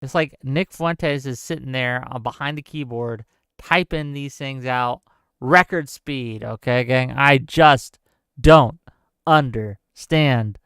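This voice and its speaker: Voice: medium pitch, measured pace, fairly bright tone, smooth, dry recording, clean studio sound. A live-stream show host giving incredulous, exasperated commentary, laughing in disbelief and reading out viewer chat. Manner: exasperated, many filler "okay?" tags.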